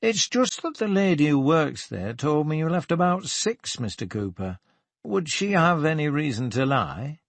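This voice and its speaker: A man's voice: a little high, big pitch swings, moderate pace, dry recording, pitched above the performer's own voice. A man doing a polite young detective with a slightly raised voice, pointed and courteous, recorded close and dry.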